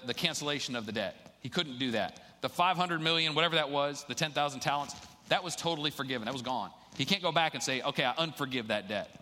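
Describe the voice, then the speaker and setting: A man's voice: medium pitch, pushed and bright, a little hiss or hum. A man preaching a sermon in a casual, conversational way, reading scripture aloud and then explaining it to the church. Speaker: pastor. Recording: long hall reverb.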